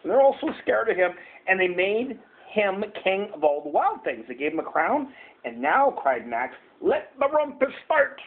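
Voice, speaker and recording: Here a high-voiced man reads at a moderate pace to his young son from a picture book at home. He coaxes and plays along in an animated way, stopping to point at pages and let out roars, on audio with a tinny, phone-like home video quality.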